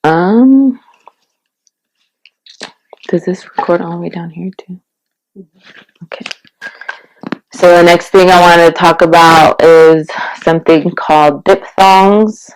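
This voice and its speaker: A woman giving a casual video-blog language lesson, explaining slowly and relaxed, with many fillers. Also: low-pitched, smooth, poor audio. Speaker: language teacher.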